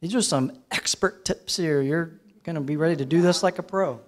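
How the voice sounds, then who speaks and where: A man leads a live workshop on microphone technique, and his voice sits a little high for a man. He talks in a relaxed, conversational way and turns to the audience with questions. He is heard through handheld and headset microphones in a room with a sound system. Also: moderate pace. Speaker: presenter teaching microphone technique. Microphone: handheld and headset microphones, switched during demo.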